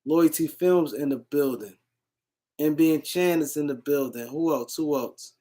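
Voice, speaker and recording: A man hosting a casual sports livestream, answering comments and shouting out viewers in the chat. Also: a little high, unhurried. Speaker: livestream host.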